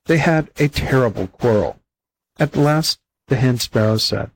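A man with a husky, slightly breathy voice narrates an old animal fable for a volunteer audiobook. His reading is plain and steady, at an ordinary middle pitch. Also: unhurried, rough recording. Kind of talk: storybook narration.

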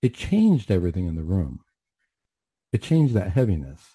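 Male clinician storyteller: low pitched, husky, reflective and earnest, restarts a lot. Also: wildly swooping pitch, moderate pace, dark tone, dry recording. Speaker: mental health clinician. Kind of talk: radio storytelling.

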